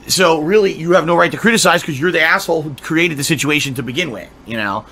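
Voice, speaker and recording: A man ranting angrily on a game stream, swearing and shouting at his viewers. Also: a little high, fast, few pauses, breathy edge. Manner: profane, combative, shouting outbursts. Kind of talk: angry stream rant.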